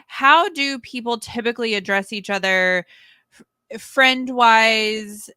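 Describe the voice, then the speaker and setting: A young woman co-hosting a casual podcast, curious and quick with short reactions. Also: on the high side, pushed and bright, smooth, dry recording. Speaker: podcast co-host.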